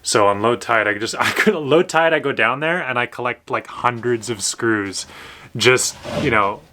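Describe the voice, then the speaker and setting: A man talking straight into his camera outdoors, in a loose and chatty vlog manner. He wanders off track and restarts his sentences, and he laughs at his own bad luck as he goes. His pitch sits at an ordinary middle level. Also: moderate pace, sharp tone. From Canada. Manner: rambling, self-interrupting, laughing at his own frustrations. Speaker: vlogger living on a boat. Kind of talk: casual talk to camera. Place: outdoors on the water and at a horse paddock. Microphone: camera mic.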